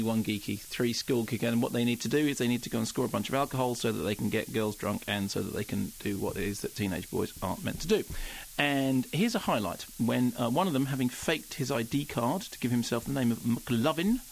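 Ranting gravelly film critic. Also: male voice, medium pitch, fairly quick, poor audio. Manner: impassioned, ranting, self-mocking. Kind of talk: radio film review chat.

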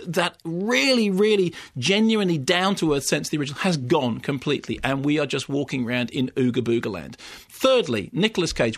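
Guy ranting about a movie, sardonic, voice jumps up high when he mocks stuff. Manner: animated, sardonic, swings pitch up for mocking asides. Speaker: film critic. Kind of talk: film review chat.

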